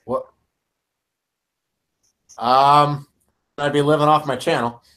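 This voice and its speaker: A man's voice: on the high side, steady tone, slow, a bit bright. A man chatting casually as a guest on a livestream, making offhand, opinionated remarks. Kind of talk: casual chat.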